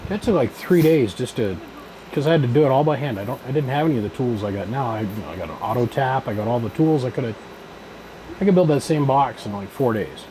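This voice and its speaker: A man's voice: mid-range voice, expressive, fast, mellow, slight background noise, low-quality recording. A man who builds amplifiers, telling shop stories in a plain-spoken, casual way. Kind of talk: casual storytelling.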